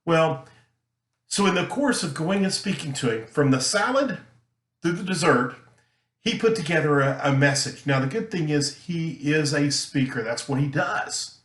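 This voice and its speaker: A man teaching a recorded lesson, talking earnestly and emphatically, deliberately slowing his delivery. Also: fairly high pitch, lively intonation, a bit bright. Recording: roomy echo.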